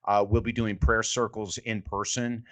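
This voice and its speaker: An older man, a sports psychology coach, telling lively stories in a podcast interview and acting out the quotes. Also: on the low side, moderate pace. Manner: animated storyteller, acts out quotes.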